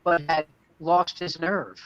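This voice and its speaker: A man's voice: on the high side, steady tone, slow pace, fairly bright tone, no room sound. A man comedian telling rambling anecdotes in casual chat. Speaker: comedian and podcast co-host. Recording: dull lo-fi dry sound.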